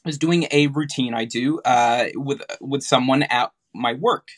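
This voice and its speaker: A man's voice: mid-range voice, unhurried. A man who works as a mentalist, chatting on a live stream and telling an anecdote hesitantly, with many fillers. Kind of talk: casual live-stream chat.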